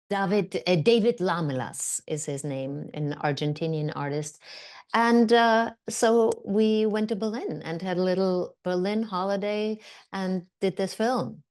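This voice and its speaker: A woman's voice: medium pitch, a little slow. A middle-aged woman, a guest actor and director, chatting in an interview and telling stories with many fillers and restarts, acting out what others said. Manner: animated storyteller, acts out quoted voices, many fillers and restarts. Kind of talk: casual interview conversation.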